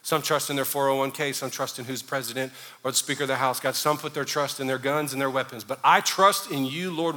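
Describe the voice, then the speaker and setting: Fervent preacher in a reverberant hall. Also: male voice, fairly high pitch, sharp tone. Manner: preaching, swells into fervent sung prayer. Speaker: pastor. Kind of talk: sermon.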